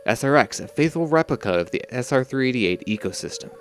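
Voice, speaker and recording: A man reading out a stern, commanding ship computer's lines in a flat, measured way. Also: mid-range voice, over music, close to an everyday voice. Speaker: reading game dialogue aloud.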